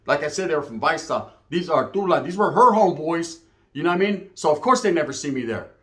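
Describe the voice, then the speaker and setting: A man's voice: on the high side, lively intonation, fast talker, sharp tone. A man from Merced, California, telling a story in casual slang-heavy, profane street talk.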